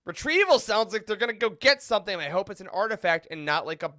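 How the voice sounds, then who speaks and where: A man hosts a laid-back podcast roundtable with real enthusiasm, laughing often and breaking into animated asides. His voice sits high and bright. The sound is dry, with no room echo. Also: fast talker. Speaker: podcast host.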